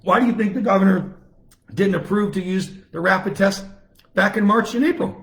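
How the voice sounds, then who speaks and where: A man's voice: high-pitched, a little fast, gravelly, a bit bright. A man delivering an impassioned live-stream rant, with fiery, repetitive, emphatic outbursts. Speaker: political commentator on a live stream. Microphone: phone or webcam, self-recorded.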